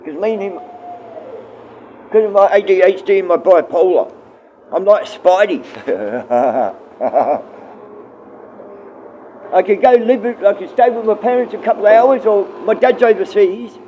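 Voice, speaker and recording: Man, middle-aged, high voice, rambling livestream chat, blunt, swearing. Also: lively intonation, slow pace, pauses often, dull audio, a little hiss or hum.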